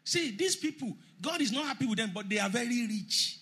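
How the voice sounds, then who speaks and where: A man preaching a sermon emphatically, rising to shouts and leading the congregation in call and response. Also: high voice, animated, normal speed, slightly rough.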